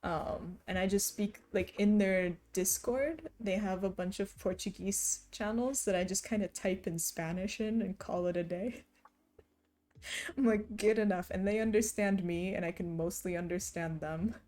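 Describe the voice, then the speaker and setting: Chatty, giggly woman streamer, mellow voice. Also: mid-range voice, normal speed, hardly any pauses. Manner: chatty and giggly, often laughing. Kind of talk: casual chat while reading chat aloud.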